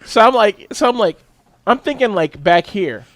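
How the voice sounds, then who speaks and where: A man co-hosting a casual podcast, telling a profane, animated story and jumping his voice up for the punchlines. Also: sits high, normal speed, slight background noise. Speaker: podcast co-host.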